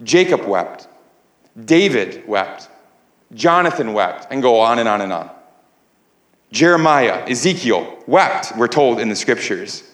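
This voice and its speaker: A man's voice: medium pitch, sing-song, measured pace, reverberant. A man preaching a sermon as pastor, earnest, repeating words as he builds emphasis. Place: church sanctuary.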